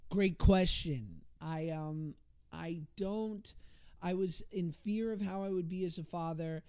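A man's voice: high voice, slow, a little mellow, clean tone. A man in his thirties chatting casually on a podcast, rambling and self-deprecating with lots of fillers. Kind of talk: casual chat.

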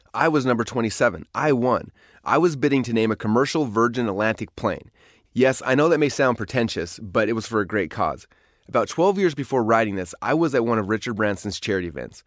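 A man reading his own book aloud as an audiobook in a recording studio, brisk and earnest. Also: fairly low pitch, fairly bright tone, no echo. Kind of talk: audiobook narration.

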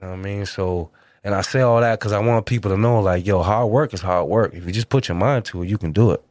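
A man's voice: quick pace, no echo. A middle-aged man telling a story in casual, slangy, profane talk, acting out quotes with big jumps in his voice. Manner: animated, acts out quotes with big pitch jumps. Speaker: guest.

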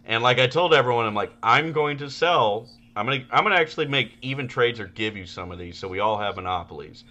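A man co-hosting a casual podcast, telling animated stories with loud, laughing outbursts. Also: fairly low pitch, quick pace, lo-fi sound. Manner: animated storytelling, bursts into loud laughing shouts. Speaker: podcast co-host.

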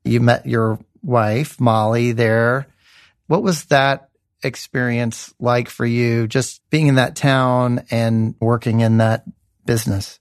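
A man's voice: medium pitch, little pitch movement, slow, clear, resonant tone, dry recording, studio quality. A man hosting an interview podcast, friendly and easygoing as he asks questions. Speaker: podcast host, magazine editor.

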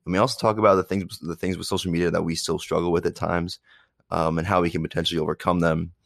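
A young man hosting a podcast, talking casually with many fillers while sick and hoarse. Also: sits low, little pitch movement, quick pace, no room sound, studio quality. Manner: rambling, many fillers and restarts. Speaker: podcast host.

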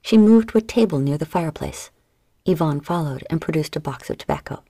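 A woman narrating an audiobook in an expressive storytelling manner. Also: low-pitched, fairly quick, no echo, studio quality.

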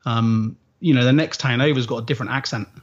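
A man's voice: mid-range voice, fast talker, slightly rough, lo-fi sound. A man in his forties from Southwest England with a West Country accent tinged by an Australian twang, a retired soldier speaking as a guest in a laid-back, easygoing way. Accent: West Country English with an Australian twang. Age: 40s. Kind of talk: casual interview.

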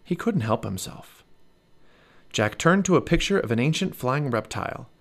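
A man in his thirties reading a children's book aloud as a podcast storyteller, expressive and animated. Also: mid-range voice, moderate pace, creaky.

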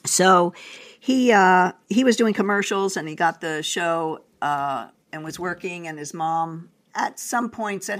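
An older woman, a guest in an interview, telling a family story in a lively way and acting out what people said. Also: fairly low pitch, measured pace. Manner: animated storyteller, acts out quotes.

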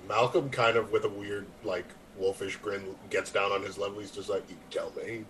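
A man's voice: on the low side, moderate pace, slight background noise, poor audio. A man playing a tabletop role-play game, narrating what his character does. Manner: relaxed narration with fillers, slips into character quotes. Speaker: player.

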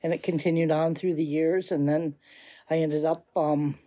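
A woman's voice: low-pitched, fairly even intonation, normal speed, dark tone, muffled recording. An older woman, a veteran dog trainer, reminiscing plainly and modestly in an interview.

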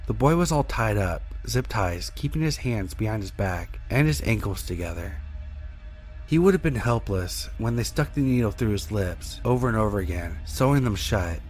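A man reading a first-person horror story in a steady, measured way as narrator. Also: on the low side, faint music behind.

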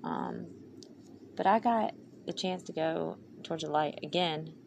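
A woman's voice: low-pitched, wildly swooping pitch, unhurried, gravelly. A woman hosting her podcast, talking in a rambling, heartfelt way with a valley-girl lilt. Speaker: podcast host. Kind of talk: casual personal monologue. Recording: noisy recording.

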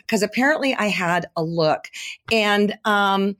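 A woman's voice: mid-range voice, a little slow. A middle-aged woman, a quilting author, chatting as a guest and telling stories with frequent laughs. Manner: animated, laughing storyteller. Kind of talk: casual storytelling chat.

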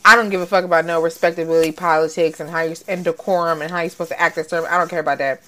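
A woman chatting casually, animated and profane, laughing often and acting out quotes. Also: on the low side, racing. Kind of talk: casual chat.

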